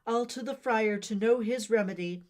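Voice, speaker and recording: A tragic young heroine declaims antique verse with heavy theatrical despair, her lines rising and swelling. A woman voices her, putting it on for a storybook reading. The delivery is grand and deliberately overdone. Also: a little high, darkish tone, pitched above the performer's own voice, lightly acted. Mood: vengeful. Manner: overwrought mock-Shakespearean declaiming.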